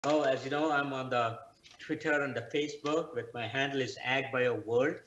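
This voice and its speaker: A middle-aged man, a guest scientist, answers interview questions in a measured, explanatory way, pausing often with "uh". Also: medium pitch, fairly bright tone, a little hiss or hum. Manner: measured, explanatory, with frequent "uh" pauses. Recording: roomy, dull remote audio.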